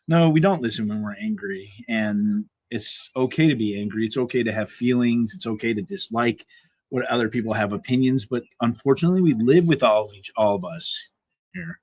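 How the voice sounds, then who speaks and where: A man's voice: mid-range voice, normal speed, darkish tone, dry recording. A man hosting a casual livestream chat, easygoing and laughing often between words. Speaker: host.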